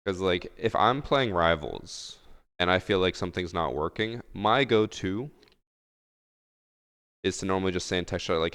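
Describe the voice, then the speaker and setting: A man's voice: low-pitched, normal speed, long pauses, a bit bright, clean tone. A man streaming games live, talking in a laid-back, rambling way full of fillers. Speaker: game streamer. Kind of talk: casual live-stream chat. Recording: long room reverb.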